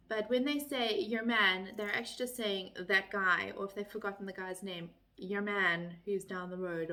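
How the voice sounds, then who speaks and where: Bright, chatty South African woman. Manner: chatty, light-hearted, mimics phrases with pitch jumps. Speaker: vlogger. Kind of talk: casual explainer to camera.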